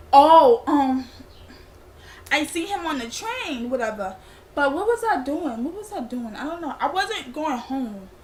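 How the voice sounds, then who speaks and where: With a voice that sits high, a young vlogger rambles through a casual, slangy storytime, and there's a little background noise.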